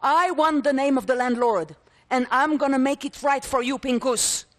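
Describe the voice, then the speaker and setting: A woman's voice: high-pitched, normal speed, close to an everyday voice. A woman voicing a feisty, bossy grandmother with a Yiddish-tinged accent, speaking in a commanding, threatening way. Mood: fierce.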